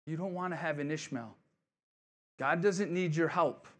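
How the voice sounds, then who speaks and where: Middle-aged pastor, man, casual joking sermon delivery, slightly high pitch. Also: normal speed, fairly bright tone. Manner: casual, joking preacher with asides and voiced quotes. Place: church sanctuary.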